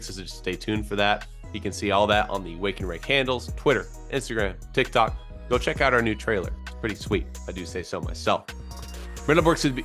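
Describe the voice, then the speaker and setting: A man's voice: fairly low pitch, fairly bright tone. Man hosting a baseball podcast. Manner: conversational, quick stats rundown with fillers. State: voice recovering from illness. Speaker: podcast host. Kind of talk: solo sports podcast commentary.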